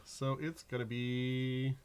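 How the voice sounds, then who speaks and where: A man's voice: mid-range voice, level tone, slow pace, darkish tone, clean tone. A middle-aged man co-hosting a card game stream, chatting casually, laughing easily and narrating his plays. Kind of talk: casual chat while playing a card game.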